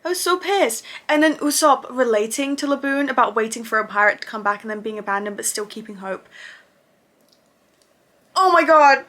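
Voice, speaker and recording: A woman casually reviewing anime episodes for her channel, gushing and excitable and swearing freely. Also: on the high side, moderate pace.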